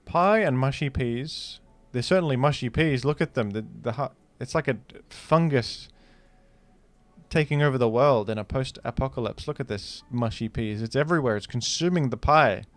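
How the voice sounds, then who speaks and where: A man at a middle pitch rambles through casual gaming commentary, joking and incredulous as he reacts. Soft music plays faintly behind him. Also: normal speed, no room sound. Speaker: gaming video host. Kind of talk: casual commentary while playing.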